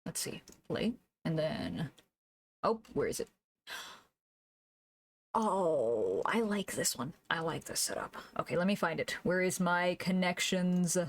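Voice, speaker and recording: Slow, low-voiced woman streamer. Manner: thinks aloud, hums to herself, laughs softly. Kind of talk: casual live-stream chat while drawing.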